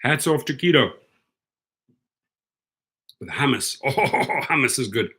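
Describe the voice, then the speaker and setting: A man hosting a casual livestream for gig drivers, chatty and excitable, reading viewer comments aloud. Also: medium pitch, unhurried, breathy edge.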